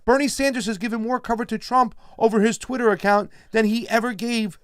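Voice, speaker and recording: A man's voice: very high voice, fairly even intonation, a little fast, clean tone, dry recording, clean studio sound. A man co-hosting a political commentary show, talking casually and reading out viewer comments. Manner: casual, reads viewer comments, says fam. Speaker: co-host.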